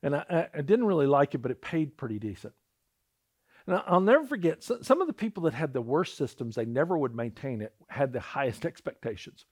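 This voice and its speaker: A man's voice: a little high, very animated, brisk, husky. A man preaching a sermon, telling a personal story and acting out the voices in it, often repeating words as he starts a thought. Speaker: pastor.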